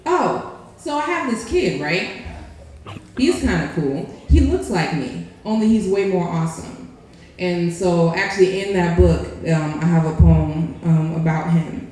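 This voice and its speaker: A woman's voice: lowish voice, unhurried, a little mellow. A woman performing erotic spoken-word poetry at a live open mic in a lounge, sultry and playful, with laughing asides to the crowd. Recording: very echoey live room.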